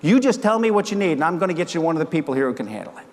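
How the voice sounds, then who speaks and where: A man's voice: a little high, rapid-fire. A man in his sixties, a keynote speaker, telling stories on stage and acting out the dialogue. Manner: animated storyteller acting out dialogue. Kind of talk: keynote speech storytelling. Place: large conference hall. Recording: long hall reverb.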